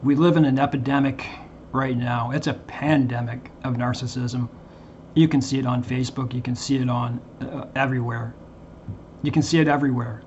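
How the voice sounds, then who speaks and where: A man talking earnestly to his viewers as a Christian channel host, in a halting way with frequent restarts. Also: mid-range voice, level tone, darkish tone, muffled recording, a little hiss or hum. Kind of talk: earnest casual monologue to viewers.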